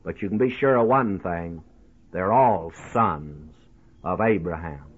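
A man's voice: low-pitched, measured pace, breathy edge. A man preaching a storytelling sermon on the radio, folksy and talking straight to his listeners as friends. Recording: tinny lo-fi radio broadcast.

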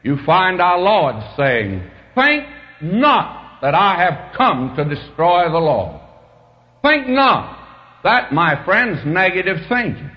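Slow, animated preacher in an old recording. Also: male voice, muffled recording. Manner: slow, emphatic preaching with dramatic pitch swings. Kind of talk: sermon.

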